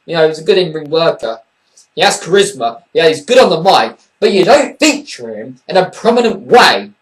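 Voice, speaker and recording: A man with a slightly high voice delivers a casual, rambling review, blunt and dismissive, with frequent swearing and plenty of fillers. He sits a little back from the microphone, so his voice sounds somewhat distant. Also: a bit bright. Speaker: wrestling show reviewer.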